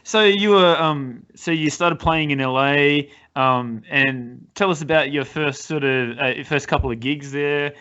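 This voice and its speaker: Australian man, bright clear voice, casual hesitant interviewer, slightly muffled lo-fi audio. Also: on the high side, a little slow, hardly any pauses. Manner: hesitant questions with "um" and "sort of". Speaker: podcast host.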